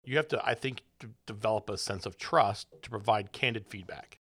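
A man co-hosting a casual business chat, relaxed, telling stories from work and home. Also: fairly low pitch, a little fast.

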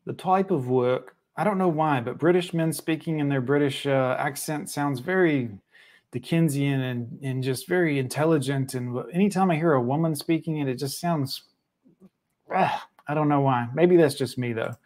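Profane streamer man, blunt and higher. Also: moderate pace, a little mellow. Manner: blunt, profane, reacting to a clip. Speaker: live stream host. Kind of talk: casual live stream commentary.

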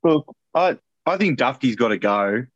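A man's voice: medium pitch, animated, normal speed, no room sound, muffled recording. An Australian man co-hosting a casual podcast, giving blunt, opinionated takes. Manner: blunt, opinionated, says mate a lot. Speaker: podcast co-host. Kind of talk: casual chat.

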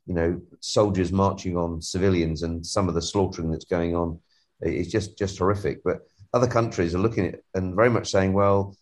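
An English man with a lowish voice, co-hosting a podcast in a casual, joking way. He is talking over a remote call while nursing a cold, and he often restarts his sentences. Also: fairly even intonation, moderate pace. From England. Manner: chatty and jokey, with many restarts and fillers. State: has a cold. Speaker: podcast co-host. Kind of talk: casual chat.

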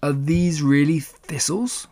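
A bouncy, excitable young tiger whose voice leaps high and loud in sudden bursts, played by a man reading a storybook. Short, punchy exclamations mark his manner. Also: takes it slowly, dry recording.

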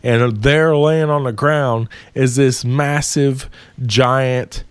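Guy telling a myth on a podcast, slow and swears a lot, clean dry voice. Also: mid-range voice, clean tone, dry recording. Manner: profane, animated retelling. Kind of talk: casual storytelling.

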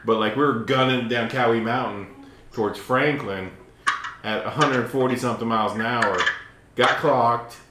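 A man's voice: mid-range voice, normal speed, a bit bright, roomy sound, slight background noise. A man in his forties, a podcast co-host telling a story in casual chat, swearing freely and repeating himself. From Appalachia, western North Carolina.

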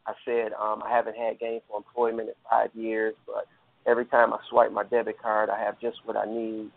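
A man's voice: lowish voice, completely flat delivery, a little fast, gravelly. A man earnestly telling a long personal story, rambling with fillers and restarts, over a phone line. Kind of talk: casual storytelling.

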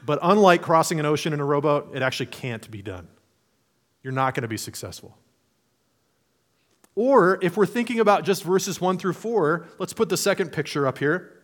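A man's voice: a little high, expressive, normal speed. A man preaching a sermon in a conversational, playful way, acting out imagined voices. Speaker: pastor.

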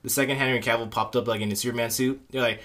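A young man co-hosting a casual podcast, telling animated stories full of fillers and mimicking people. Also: rapid-fire. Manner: animated, mimics people in shrill high voices; lots of fillers like "like" and "freaking". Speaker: podcast co-host. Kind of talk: casual chat, storytelling.

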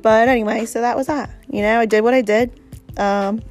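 A woman's voice: on the high side, steady tone, fairly quick, a little mellow, faint music behind. A woman guest telling a story about her vacation, bluntly and profanely, with lots of animation. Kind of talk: casual storytelling.

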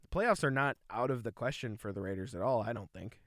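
A man's voice: medium pitch, expressive, quick pace, a bit bright, no echo, clean studio sound. A man co-hosting a casual sports podcast, recapping scores and results and self-censoring his swearing. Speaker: podcast co-host.

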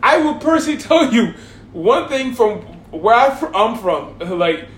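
A man from Hawaii telling a comic story casually, animated and laughing through his words, in a roomy echoing room. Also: extremely high pitch, measured pace.

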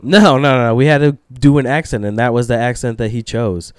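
A man who is drunk, a podcast guest telling rambling stories with swearing and halting restarts. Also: mid-range voice, fairly even intonation, clean tone, no echo, studio quality. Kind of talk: casual podcast chat.

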